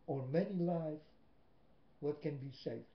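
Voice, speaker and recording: A man with a Dutch accent, a native Dutch speaker, gives a slow, emphatic religious monologue into a webcam, with long pauses between phrases. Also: fairly high pitch, vocal fry. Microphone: built-in webcam mic. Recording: echoey room, dull lo-fi webcam audio.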